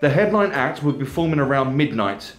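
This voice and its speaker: A man voicing a brisk, bossy woman who organises a festival, reading a comedy novel aloud in an echoey room. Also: medium pitch, expressive, faint music behind, lightly acted. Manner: brisk, commanding, raised voice.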